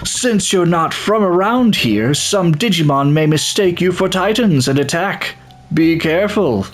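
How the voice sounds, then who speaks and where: Stiff, loud android guard giving a formal warning, a man playing it, pitched well above his own voice. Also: animated, measured pace.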